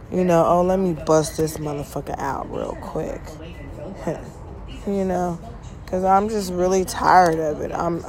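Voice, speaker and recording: A woman's voice: fairly low pitch, warm tone. A woman hosting her own podcast, talking in a blunt, profane, rambling monologue and yawning often. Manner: frequent yawning. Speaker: podcast host. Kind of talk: casual monologue.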